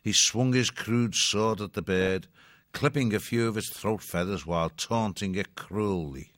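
A man narrating a storybook chapter in a measured, expressive way. His voice is fairly low but bright and forward. The recording is close and dry. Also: dry recording. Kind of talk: audiobook narration.

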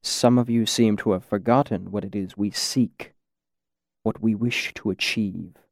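A menacing shadowy lord speaks softly and very slowly, each word placed with patience, as a man reads him. His voice is low and gravelly. The recording is close and dry. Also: steady tone, dry recording. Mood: cold, patient. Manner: slow, soft, carefully measured menace.

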